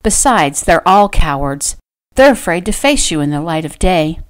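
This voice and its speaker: A spirited young heroine in a storybook romance, spoken plainly and lightly lower-pitched, as the woman narrator voices her. She talks with a frank, steady earnestness. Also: moderate pace, clear, resonant tone. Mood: earnest.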